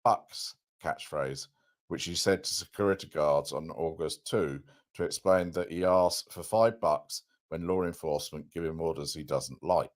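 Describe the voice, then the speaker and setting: A male host reading a court document aloud in a measured, plain delivery on a commentary show. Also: very deep voice.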